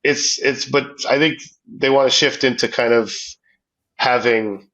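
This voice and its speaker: A man's voice: medium pitch, steady tone, unhurried, bright, forceful tone, highs cut off. A man co-hosting a casual sports podcast, talking through his thoughts with many restarts and easy laughs. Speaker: podcast co-host. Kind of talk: casual hockey podcast chat.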